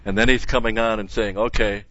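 A man's voice: on the low side, steady tone, fairly quick, a bit bright, no room sound, dull audio. An older man teaching a Bible passage verse by verse in a conversational way, stopping to correct himself and leaning hard on key words.

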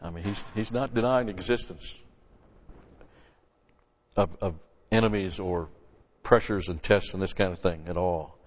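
A man preaching an expository sermon from a Bible passage, emphatic, with loud stressed words and quiet asides. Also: deep voice, moderate pace, long pauses. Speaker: pastor. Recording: lo-fi recording with long hall reverb.

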